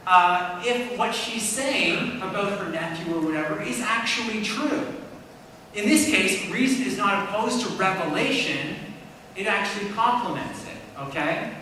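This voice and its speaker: In a church hall, a Christian apologist gives a conversational talk, frequently checking in with his listeners. His voice is high, bright, and forceful, captured from far off in an echoey room with a little hiss or hum.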